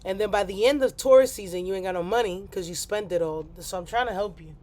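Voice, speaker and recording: A woman's voice: mid-range voice, fast talker, a little mellow. A woman hosting a casual astrology livestream, rambling and playful, with apologetic asides.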